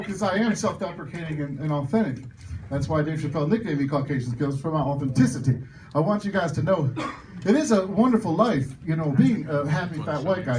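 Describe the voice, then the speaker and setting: A man doing a stand-up comedy set in a club, loud with the crowd and self-mocking in his punchlines. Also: a little high, recorded from a distance, noisy background.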